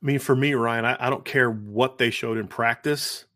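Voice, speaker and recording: A man's voice: mid-range voice, steady tone, moderate pace, fairly bright tone, no room sound. A man co-hosting a sports podcast speaks in an emphatic, conversational way, often restarting his phrases. His voice sits in a middle register and the recording is dry and close, with no room sound. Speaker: football podcast co-host. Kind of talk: casual sports analysis chat.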